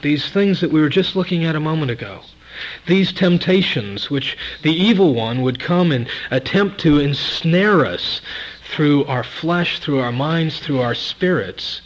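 A man's voice: a little high, expressive, measured pace. Emphatic preacher, a man, on lo-fi tape. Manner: emphatic, repeats key words, swings between loud and soft. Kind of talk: sermon.

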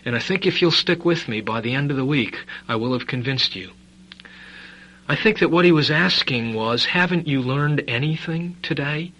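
Bright-voiced emphatic male preacher. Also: mid-range voice, animated, normal speed, rough recording. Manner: emphatic, rhetorical questions, swings between loud stress and quiet asides. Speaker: preacher and Bible teacher. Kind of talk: sermon.

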